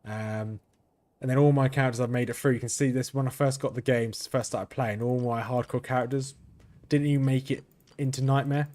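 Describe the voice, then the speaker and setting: A man with a flat, monotone delivery giving casual gameplay commentary as the channel's host, rambling, correcting himself and chuckling now and then. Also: medium pitch, brisk. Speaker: gaming video host.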